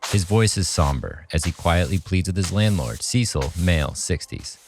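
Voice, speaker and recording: A man co-hosting a podcast, reading a horror script aloud in an even narrating voice. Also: deep voice, normal speed, noisy background. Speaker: podcast co-host and script reader.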